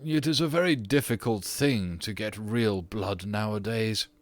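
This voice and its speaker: A man voicing a petulant, haughty aristocratic ghost of an English nobleman in an audiobook reading, often drawing his words out slowly. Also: on the low side, no echo, natural voice.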